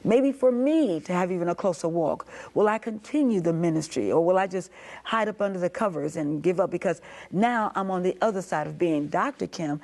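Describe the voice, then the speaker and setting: A middle-aged woman with a fairly low, brisk, slightly mellow voice tells her story as an interview guest. Her testimony is heartfelt, impassioned, and pleading, and she acts out what other people said.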